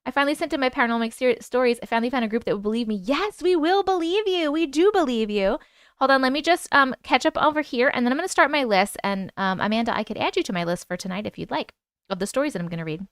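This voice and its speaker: A woman's voice: a little high, lively intonation, racing, a bit bright, clean tone, no echo, clean studio sound. A woman with a New York accent hosting a casual live stream, chatting and reading viewer comments aloud.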